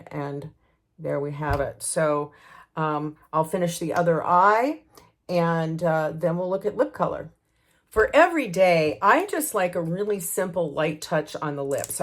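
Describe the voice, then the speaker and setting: A woman in her sixties chatting casually through her makeup routine, often pausing and restarting. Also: on the low side. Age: 60s. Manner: chatty, thinking aloud with fillers and restarts. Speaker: lifestyle vlogger.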